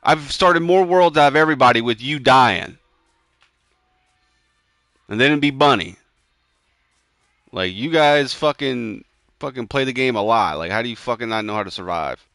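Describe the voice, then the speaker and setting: A man's voice: mid-range voice, a little slow, creaky, pauses often, no room sound, clean studio sound, faint music behind. A young man streaming a game, chatting casually with friends, ranting with heavy swearing and lots of "bro" and "dude.". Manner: jumps to loud excited yelps in tense moments. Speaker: gamer streaming his play. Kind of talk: casual gaming chat with friends.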